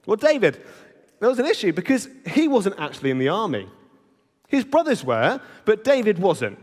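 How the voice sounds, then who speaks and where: A man giving an animated Bible talk at a children's holiday club, asking the children questions as he goes. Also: sits high, normal speed. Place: church hall. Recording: reverberant hall.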